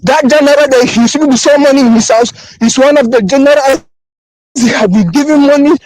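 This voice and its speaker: A man's voice: very high voice, a little fast, a little mellow, poor audio. A man with a Nigerian accent recording an impassioned voice note on his phone, pleading and repeating himself with emotion. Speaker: voice-note sender.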